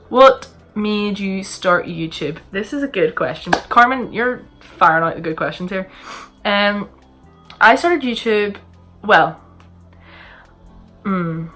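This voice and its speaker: With a lowish voice and a bright, forceful tone, a young woman from Northern Ireland vlogs casually to camera. She wanders from point to point, self-deprecating, as she responds to viewers' questions, while music plays faintly in another room.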